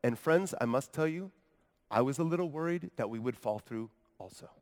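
Speaking as a paralyzed man from Capernaum, a preacher delivers an earnest, wry first-person monologue with asides to the congregation. His mid-range voice is natural, expressive, and slightly dark, at a moderate pace. Long hall reverb fills the recording.

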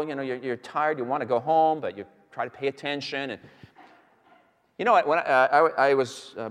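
Guy giving a bible lecture, pitch bouncing all over, big hall echo, lots of uh and you know. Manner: animated storyteller, many fillers and restarts. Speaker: Bible teacher. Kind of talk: lecture to a live audience. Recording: long hall reverb.

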